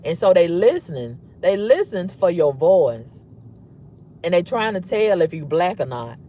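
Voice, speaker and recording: Husky, lively woman ranting. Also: lowish voice, a little slow, a little hiss or hum. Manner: emphatic and repetitive, blunt and profane. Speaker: vlogger. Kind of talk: candid storytelling rant.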